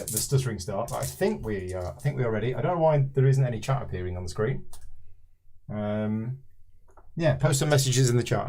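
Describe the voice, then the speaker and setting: A man's voice: medium pitch, a little mellow. A man hosting a live board game stream, chatting casually with stops and restarts and reading scenario text aloud.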